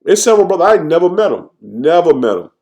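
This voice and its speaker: A man's voice: fairly high pitch, sing-song, darkish tone, highs cut off. Fervent man preaching, repeating "man". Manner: ends almost every phrase with "man", fervent and insistent; reads verses slowly, then comments freely. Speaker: scripture teacher. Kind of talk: informal preaching with scripture reading.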